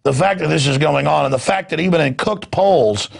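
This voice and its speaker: A man's voice: fairly quick, gravelly, husky. A middle-aged man hosting a news show, delivering an impassioned political monologue with ranting outbursts. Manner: ranting, mocks others in shrill put-on voices.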